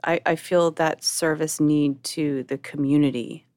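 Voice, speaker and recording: A woman's voice: sits low, steady tone, a little slow, a little mellow, no room sound. A middle-aged woman co-hosting a podcast, talking candidly and emotionally, often restarting her sentences as she searches for words. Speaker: podcast co-host.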